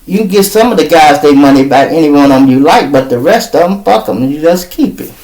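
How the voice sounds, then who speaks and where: A man quoting a carefree rich street racer, high-voiced. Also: expressive, brisk, darkish tone, poor audio. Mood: easygoing.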